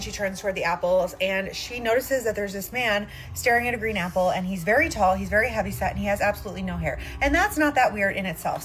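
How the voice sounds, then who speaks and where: A woman's voice: medium pitch, a bit bright. A woman hosting a storytime reaction, retelling a viewer's story in a chatty way. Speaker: host.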